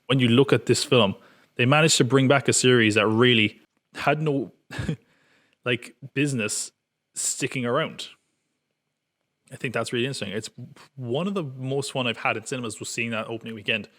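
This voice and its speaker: A man's voice: mid-range voice, moderate pace, long pauses, fairly bright tone. Wry male podcast host. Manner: wry, self-mocking, joking. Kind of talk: casual film preview chat.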